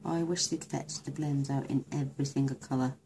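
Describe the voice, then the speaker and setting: Craft lady, super deep gravelly voice, gushing and chatty while she colours. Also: fairly even intonation, a little fast, dark tone, slight background noise. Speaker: craft demonstrator. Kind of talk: card-making tutorial.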